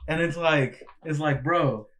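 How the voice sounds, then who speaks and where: A man's voice: fairly high pitch, unhurried, fairly bright tone, slight background noise. Rambling young man recounting a video. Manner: rambling retelling, lots of "like" and restarts. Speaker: podcast co-host. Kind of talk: casual chat.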